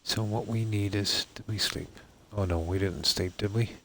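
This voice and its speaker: Irish Midlands man, low voice, laid-back rambling streamer chat. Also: fairly even intonation, moderate pace, creaky, a bit bright, a little hiss or hum. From Ireland. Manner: rambling, many fillers and "let's say". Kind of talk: casual chat with viewers while gaming.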